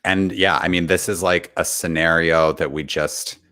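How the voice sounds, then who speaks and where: A man co-hosting a casual reality-show recap chat, relaxed and chatty, laughing often. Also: sits low, normal speed, dry recording, clean studio sound. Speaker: co-host.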